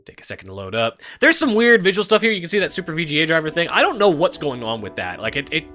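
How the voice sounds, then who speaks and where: A young man giving irreverent let's-play commentary, animated and swearing freely. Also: on the high side, fast, soft background music. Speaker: gameplay commentator.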